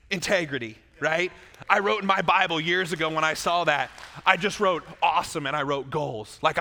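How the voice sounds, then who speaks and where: Bright-voiced preaching man. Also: fairly high pitch, in a large hall. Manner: lively and joking, with asides to the congregation. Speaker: pastor. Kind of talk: sermon. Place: church.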